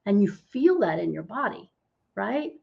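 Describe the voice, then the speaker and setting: A woman's voice: mid-range voice, sing-song, unhurried, vocal fry, highs cut off. A middle-aged woman, a holistic healer, explaining as a podcast interview guest and often asking "right?" to check in. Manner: explanatory, tags lines with "right?".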